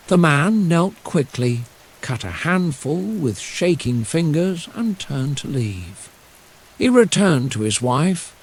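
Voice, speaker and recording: A man narrating a bedtime fairy tale in a slow, soothing, lyrical way. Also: a little high, breathy edge, low-quality recording. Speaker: storyteller. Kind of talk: scripted bedtime story narration. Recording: steady rain sounds behind. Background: rain.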